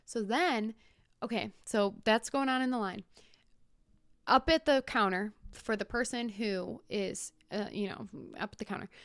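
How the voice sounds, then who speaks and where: A young woman hosting a podcast, retelling a story in a casual, animated way with whispered asides. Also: a little high, smooth, no room sound, clean studio sound. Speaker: podcast host.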